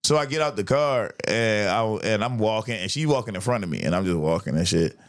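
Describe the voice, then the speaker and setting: A young man hosting a casual chat, telling a story animatedly and jumping high to act out his friends. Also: brisk. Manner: animated, acts out friends' voices in a high pitch. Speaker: podcast host.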